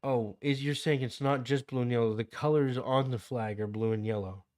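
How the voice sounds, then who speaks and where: Canadian male streamer, young adult, rambling casual delivery, average pitch. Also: moderate pace, a little mellow. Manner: rambling, digresses into anecdotes, reads chat aloud. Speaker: livestream host. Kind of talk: casual livestream chat about a game.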